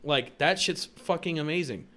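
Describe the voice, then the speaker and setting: A young man co-hosting a podcast, telling profane stories in casual chat and shouting out the lines he quotes. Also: fairly high pitch, normal speed. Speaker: podcast co-host.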